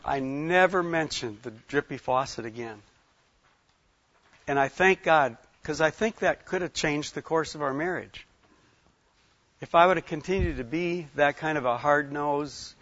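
A man's voice: on the high side, fairly bright tone, no room sound. A man, giving a conversational sermon as a folksy, rambling storyteller with many fillers. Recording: slightly dull lo-fi sound.

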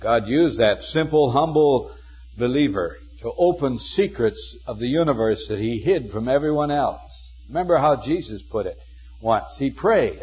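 An older man preaching a sermon, telling stories earnestly and slowing down to quote scripture. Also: mid-range voice, lively intonation, breathy edge. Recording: dull lo-fi sermon recording.

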